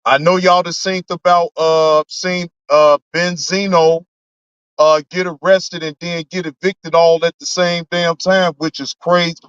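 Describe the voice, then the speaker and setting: A man with a high voice hosts a livestream, chatting with his viewers in a loose, rambling and profane way. The audio is dry and dull, with a lo-fi quality. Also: flat delivery, measured pace, fairly bright tone, smooth, no echo. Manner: laid-back, profane, rambling. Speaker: livestream host. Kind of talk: casual livestream talk reading chat. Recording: dull lo-fi sound.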